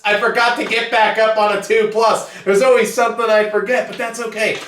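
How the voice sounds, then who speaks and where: Profane ranting man in an echoey room. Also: fairly high pitch. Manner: profane, blunt, animated ranting. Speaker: hobby channel host. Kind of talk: ranting casual monologue. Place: home basement hobby room. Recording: echoey room, far from the mic.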